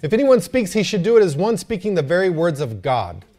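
Lively male pastor, higher voice, joking preaching style. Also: fairly quick. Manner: animated, joking, calls for amens. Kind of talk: sermon.

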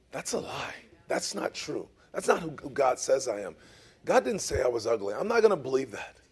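A middle-aged man preaching a sermon, emphatic, swinging between loud emphasis and soft asides, often checking in with "okay?" and "amen?". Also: medium pitch, slightly rough. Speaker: pastor.

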